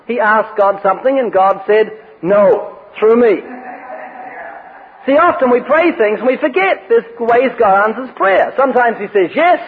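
A man's voice: very high-pitched, animated, moderate pace, few pauses. A man preaching a sermon, reading scripture and telling joking anecdotes. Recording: phone-like radio broadcast with long reverb.

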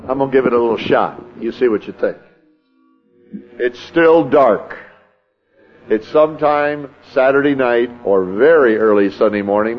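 A man's voice: mid-range voice, highs cut off. A man preaching a sermon in a folksy way, reading scripture and acting out the scene in his own words. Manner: folksy, acts out the scene, chuckles. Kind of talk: sermon teaching.

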